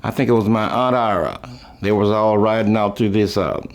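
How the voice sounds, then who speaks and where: An older man reminiscing about his life, telling rambling, folksy stories with chuckles, trailing off and restarting, and lifting his voice high when he quotes people. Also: fairly even intonation, normal speed. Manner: raises his voice high when quoting others. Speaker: musician recalling his life. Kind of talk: rambling storytelling.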